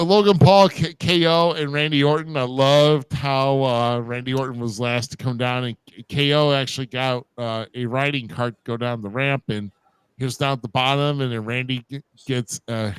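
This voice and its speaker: A man co-hosts a relaxed wrestling recap show with a smooth, resonant voice. He keeps it loose and joking, throwing in bro and dude. The sound is dry and close. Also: mid-range voice, moderate pace, dry recording. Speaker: podcast co-host. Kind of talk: casual wrestling recap chat.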